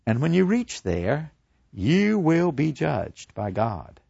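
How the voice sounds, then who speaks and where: A serene old philosopher facing his death, voiced by a man telling the story, preaching about the soul with earnest conviction. His voice swings widely in pitch, rising and falling with feeling. The sound is dull and muffled, close and dry. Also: very animated, slow, vocal fry, a little mellow, breathy edge, dry recording, exaggerated voice. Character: serene old male philosopher awaiting execution. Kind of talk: dramatic storytelling.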